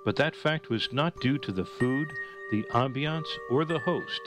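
A man announcing and narrating a radio story in a formal, deliberate tone. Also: mid-range voice. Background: music.

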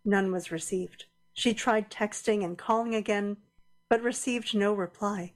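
A woman narrating a radio drama in a measured, deliberate storytelling voice. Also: medium pitch, fairly even intonation. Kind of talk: scripted audio-drama narration.

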